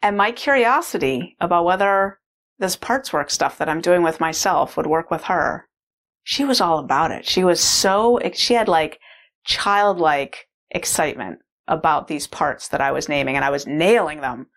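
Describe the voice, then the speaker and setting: Low-voiced woman rambling through a story. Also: lively intonation, moderate pace, fairly bright tone. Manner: rambling, heavy use of "like" fillers. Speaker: mother. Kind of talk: casual personal storytelling.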